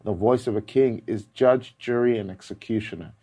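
A man preaching a sermon, repeating key words and swinging between loud emphatic passages and low hushed ones. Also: moderate pace, breathy edge.

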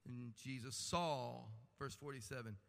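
A man's voice: medium pitch, measured pace, creaky. A man preaching a sermon with impassioned delivery and humorous asides, rising and falling in intensity. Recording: long hall reverb.

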